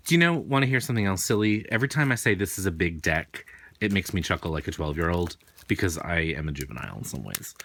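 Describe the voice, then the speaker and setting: A man's voice: on the low side, a bit bright, slight background noise. A man with a faint New England accent, chatting casually and rambling through an unboxing as host. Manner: rambling, chatty, self-deprecating. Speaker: tarot reader and host.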